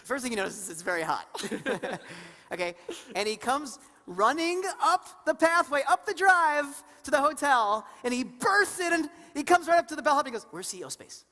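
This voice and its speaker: A woman co-presenting a live seminar, animated and engaging the audience with questions and acted-out stories. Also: high-pitched, normal speed. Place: conference hall before an audience. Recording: reverberant hall sound.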